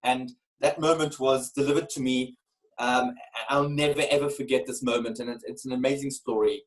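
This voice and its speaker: A man's voice: mid-range voice, normal speed, low-quality recording. Earnest storytelling man. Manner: earnest, animated, repeats words when starting phrases. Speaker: guest, keynote speaker. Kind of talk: candid personal storytelling.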